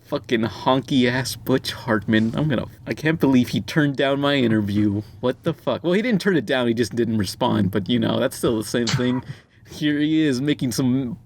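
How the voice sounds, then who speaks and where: A man's voice: medium pitch, normal speed. A man hosting a casual group podcast, talking in a rambling, profane way with frequent fillers and restarts.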